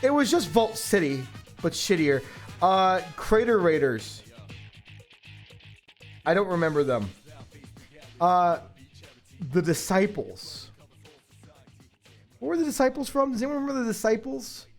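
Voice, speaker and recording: Excitable, swearing male streamer. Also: high voice, unhurried, long pauses, faint music behind. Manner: rambling, profane, excitable. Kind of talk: casual livestream chat.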